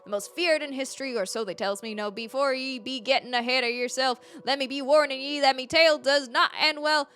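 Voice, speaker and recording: A woman voicing a boastful, rough-spoken old male pirate captain, reading his journal aloud in a put-on pirate drawl. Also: on the high side, a bit bright.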